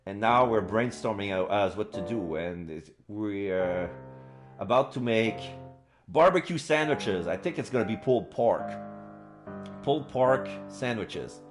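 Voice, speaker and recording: Slow, low-voiced male streamer, halting, excitable. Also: music in the background. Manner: halting, many fillers, excitable. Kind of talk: casual live-stream chat.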